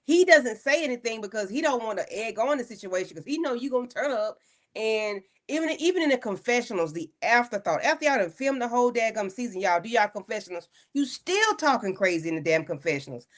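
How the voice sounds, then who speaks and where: A woman's voice: a little high, brisk. A woman hosting a casual livestream panel recapping a reality show, talking bluntly with lots of swearing. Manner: blunt, animated, profane.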